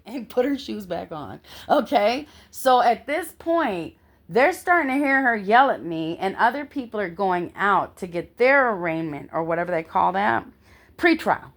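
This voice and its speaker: A middle-aged woman telling a personal story in an animated way, often checking in with the listener. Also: a little high, moderate pace. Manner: animated, constantly checks in with "okay?".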